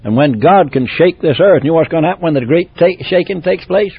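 A man preaching a testimony sermon, swinging from loud exclamations to hushed, tender tones, repeating phrases and restarting as he goes. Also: on the high side, expressive, a little fast, slightly rough, dry recording. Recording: tinny phone-like dry tape recording.

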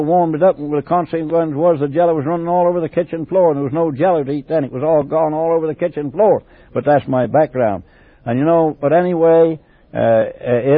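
A man's voice: medium pitch, no room sound, narrow, tinny audio. An older man from England telling his life story for a personal memoir tape, in a rambling, digressive way full of restarts.

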